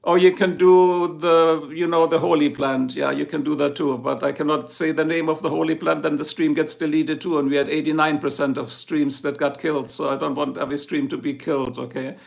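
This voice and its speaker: A man's voice: fairly high pitch, flat delivery, a little fast, vocal fry, hardly any pauses. A man from Germany with a German accent, casually chatting with viewers on his livestream, joking and greeting people by name. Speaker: livestream host. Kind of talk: casual live chat reading comments. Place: home in Ohio.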